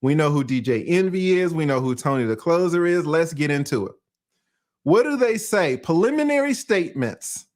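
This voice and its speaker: A man's voice: on the high side, big pitch swings, normal speed. A man from Atlanta, hosting a casual, profane livestream commentary, often laughing. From Atlanta, USA. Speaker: YouTube commentary host.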